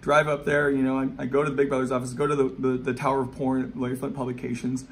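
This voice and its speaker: A man's voice: medium pitch, flat delivery, slight background noise. A man in his forties, a skateboarder and skate shop owner, telling rambling, profane stories in a casual way. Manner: rapid, profane, rambling anecdotes with many asides. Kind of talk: casual storytelling.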